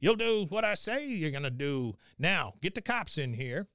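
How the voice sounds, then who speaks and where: A man voicing a belligerent old grandfather who barks orders in a gruff, sneering way. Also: a little high, very animated, normal speed, a bit bright, no room sound, studio quality, pitched above the performer's own voice. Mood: cranky.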